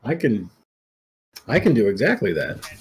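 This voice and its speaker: A man's voice: on the low side, wildly swooping pitch, moderate pace, a little hiss or hum. A man playing a tabletop game who talks casually and hesitantly, repeating himself. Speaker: player.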